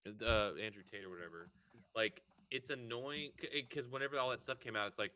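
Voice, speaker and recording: A young man with a lowish voice and a bright, forceful edge rambles over online voice chat while gaming. His stories tumble out animated and loose, stacked with fillers. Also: fairly quick. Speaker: streaming co-player.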